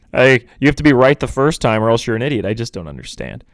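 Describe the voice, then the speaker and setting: A young man hosting a casual solo sports podcast, rambling and animated, sometimes mocking pundits in impressions. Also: medium pitch. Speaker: podcast host.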